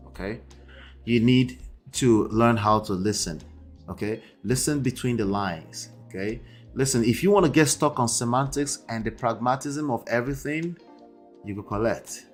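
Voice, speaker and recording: A man hosting relationship commentary, reacting to a debate clip in an emphatic way that keeps checking in with the listener. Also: on the low side. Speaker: relationship coach and host.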